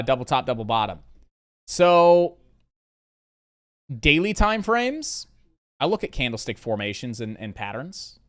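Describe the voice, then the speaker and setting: A man with a medium-pitched, slightly bright voice hosts a live day-trading stream. He answers viewer questions loosely and ramblingly, leaning on fillers and restating his main points as lists.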